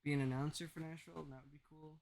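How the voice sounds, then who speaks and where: A young man co-hosts a casual sports podcast, his voice sitting a bit high for a man. He rambles through long explanations, restarting his sentences as he goes. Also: steady tone, very fast, gravelly, darkish tone, poor audio. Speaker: podcast co-host.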